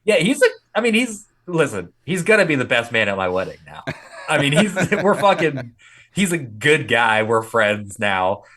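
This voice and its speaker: A middle-aged man co-hosting a podcast, telling animated, profane stories in casual chat. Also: mid-range voice, moderate pace. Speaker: podcast co-host.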